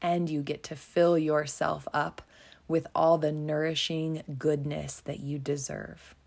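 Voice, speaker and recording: A woman talks slowly and gently, her lowish voice carrying a gravelly edge. She hosts a reflective self-help podcast, encouraging the listener and at times softening into a whisper. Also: flat delivery. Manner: slow, soothing and encouraging, dropping to a whisper at times. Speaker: podcast host.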